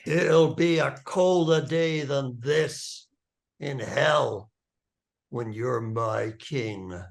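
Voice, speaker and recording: A man's voice: medium pitch, creaky, voice pushed down. A man voicing King Lot, a scornful rival lord, in a tabletop game. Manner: scornful, slow.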